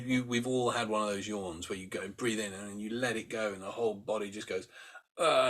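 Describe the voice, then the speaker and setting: A soft-spoken man leading a relaxation class at an easy, unhurried pace. His voice sits in an ordinary middle pitch as he gently coaches breathing, stopping now and then to yawn or sigh as a demonstration. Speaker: meditation teacher. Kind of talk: guided breathing instruction.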